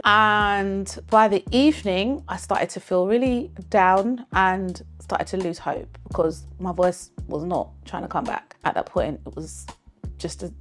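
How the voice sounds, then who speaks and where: Woman singer, mid-pitched, earnest and expressive, recounting a personal story for her channel. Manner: earnest, expressive, faith-filled telling.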